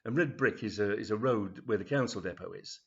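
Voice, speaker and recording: Chatty, rambling storyteller. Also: male voice, fairly low pitch, fairly quick, vocal fry, husky, highs cut off. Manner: rambling, chatty, many fillers. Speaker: author reading his story. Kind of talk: storytelling reading.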